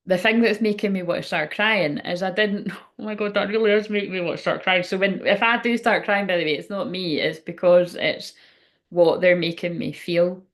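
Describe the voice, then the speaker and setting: A woman hosting a psychic livestream from home, chatting loosely and emotionally, swearing often and trailing off mid-sentence. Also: mid-range voice. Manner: rambling, emotional, swears freely, frequent laughs. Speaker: psychic medium livestream host. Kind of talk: casual livestream chat.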